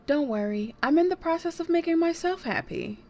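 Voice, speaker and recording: A woman's voice: extremely high pitch, animated, a little fast, mellow, lo-fi sound, a little hiss or hum, pitched above the performer's own voice. A woman reading the lines of a sly, coaxing woman infiltrator in a plain reading voice. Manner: reads game text aloud plainly.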